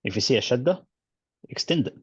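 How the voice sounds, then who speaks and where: A male teacher explaining recitation rules in a casual online class, relaxed and chatty with many fillers and restarts. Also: medium pitch, a little fast, slightly rough, no room sound, dull audio.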